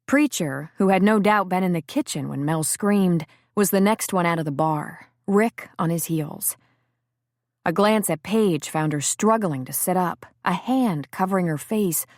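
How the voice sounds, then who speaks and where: A woman narrating a novel in a steady, measured audiobook reading. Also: fairly low pitch, no room sound, studio quality. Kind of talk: scripted narration.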